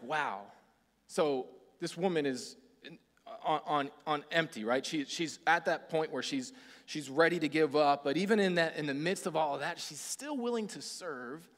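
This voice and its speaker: A man's voice: fairly high pitch, sing-song, normal speed, fairly bright tone. A man giving a casual, conversational sermon who acts out voices in the story. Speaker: preacher. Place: church hall. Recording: hall reverb.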